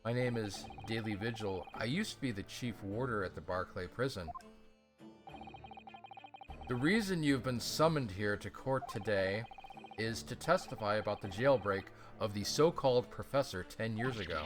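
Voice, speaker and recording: A man's voice: fairly low pitch, expressive, normal speed, music in the background, natural voice. A man doing a solemn former prison warder. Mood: formal.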